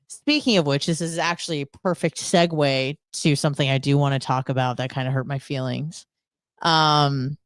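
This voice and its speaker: A woman's voice: deep voice, no room sound, studio quality. A woman co-hosting a show, telling a story in a blunt, profane and sarcastic casual rant. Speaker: podcast co-host. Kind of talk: casual ranting monologue.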